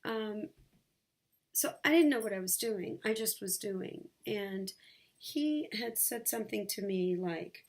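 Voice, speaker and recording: A woman vlogging from her sunlit bedroom, sharing a personal story in a candid, halting way with many fillers. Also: mid-range voice, expressive.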